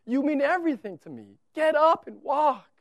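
A man's voice: very high voice, sing-song, moderate pace, no echo, pitched above the performer's own voice. A man voicing a loving heavenly father who urgently coaxes and encourages his fallen child to get up. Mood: cheering, tender. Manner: urgent, encouraging, repeated coaxing.

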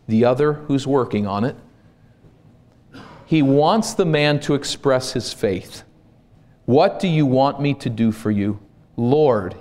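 Slow, deliberate male preacher. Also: medium pitch. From Minnesota. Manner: slow, deliberate preaching that rises to loud emphasis. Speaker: pastor. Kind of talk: sermon.

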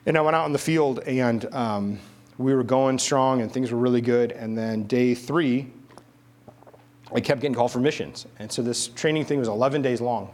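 A middle-aged man preaching a sermon, mixing a humorous personal story with quiet, emphatic repetition. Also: mid-range voice, normal speed.

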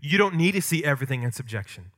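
A man preaching a sermon with a bright, forceful tone and a voice sitting a little high for a man. He talks to the congregation conversationally, with asides and light humor. He leans hard on key words, then drops to a near hush to drive a point home. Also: sing-song, fast. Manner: emphatic, rising and dropping to quiet for stress. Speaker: pastor.

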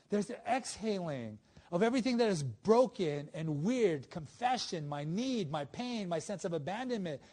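A middle-aged man preaching a sermon as a pastor, conversational and animated, with asides to the congregation. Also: sits high.

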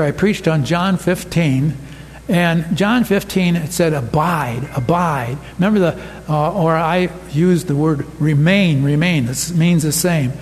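A man preaching a sermon as pastor, unhurried, with many pauses and restarts. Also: sits high, darkish tone, big-room sound.

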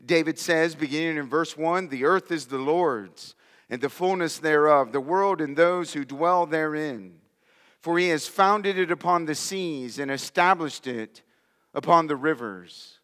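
A man's voice: a little high, fairly bright tone. Emphatic preaching man in reverberant hall. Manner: emphatic preaching, reading scripture aloud. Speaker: pastor. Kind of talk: sermon.

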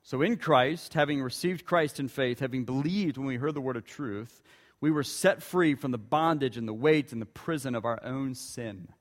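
A man preaching a sermon as pastor, emphatic, slowing down and dropping his voice low on key words. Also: long reverb tail.

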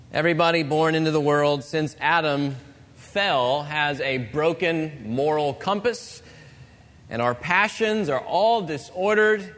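A man's voice: fairly high pitch, fairly bright tone, in a large hall. Earnest preaching man, lilt, in a long-ringing church. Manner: earnest, measured preaching with pauses. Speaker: pastor. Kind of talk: sermon. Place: church sanctuary.

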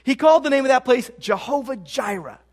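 A man's voice: extremely high pitch, lively intonation, a little fast, a little mellow. A man preaching a sermon as pastor, emphatic and repeating key phrases for stress. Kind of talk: expository sermon.

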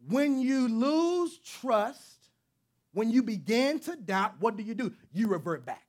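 Slowly and in a very high, sing-song voice, a man preaches a sermon. He is earnest and conversational, repeating himself as he rises to emphatic peaks.

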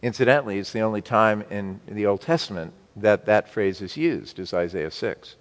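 A man preaching a sermon to his congregation, slow and emphatic, with wide swings between loud and soft. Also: on the low side, big-room sound. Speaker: pastor.

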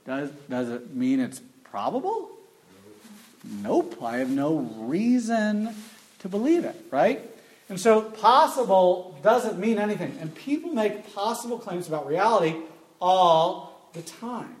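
Man, live talk, emphatic rhetorical questions, fairly high voice, roomy echo. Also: huge pitch swings, unhurried. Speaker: speaker teaching an audience. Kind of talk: live talk with call-and-response. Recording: echoey room.

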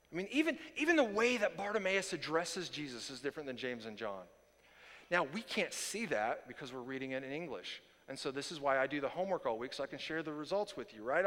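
A man preaching a sermon as pastor, animated and often repeating words as he builds a point. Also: high-pitched, in a large hall. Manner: animated, repeats words when excited, self-correcting.

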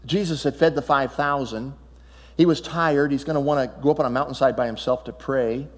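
A man giving a sermon as a pastor, in an animated preaching manner that acts out Bible dialogue and asks the congregation questions. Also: medium pitch, brisk. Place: church sanctuary. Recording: long hall reverb.

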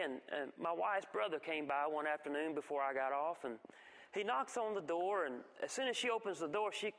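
A man giving a folksy church testimony, telling stories with halting restarts. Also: on the high side, a bit bright. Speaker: guest speaker giving testimony. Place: church sanctuary. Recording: long reverb of a church hall.

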